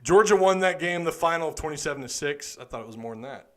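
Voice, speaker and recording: A tired man hosts a live postgame talk from home. His voice sits a bit high and his talk rambles as he chats with viewers. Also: animated, fast. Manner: chatty, rambling, talks to chat viewers. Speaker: podcast host.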